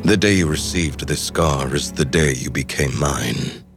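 A man voicing a brooding immortal horseman in human form, speaking slowly and solemnly in an audiobook. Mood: possessive. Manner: slow, solemn and low. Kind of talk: audiobook acting. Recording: with background music.

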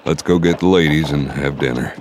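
An actor playing a laconic, dry-humored drifter gunfighter in an audio drama. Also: male voice, rumbling low, fairly quick.

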